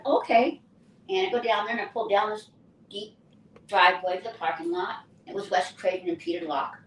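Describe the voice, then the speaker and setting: An older actress telling stories from her career in a lively, chatty way. Her voice sits at a medium pitch. She is picked up from some distance in an echoey room with faint ambience behind her. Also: moderate pace, slight background noise. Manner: lively anecdotal storyteller. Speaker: actress and guest. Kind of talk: casual interview storytelling.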